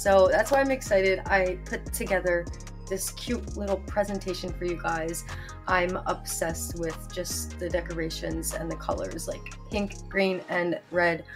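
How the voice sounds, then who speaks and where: Chatty young woman vlogging at home. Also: lowish voice. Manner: chatty, talks baby talk to her pets. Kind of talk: casual vlog chat.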